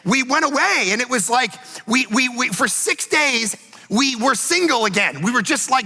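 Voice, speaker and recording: A male pastor giving an animated, storytelling sermon in a church, rising now and then to shouts. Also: very high-pitched, moderate pace, gravelly, breathy edge, in a large hall, faint music behind. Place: church auditorium.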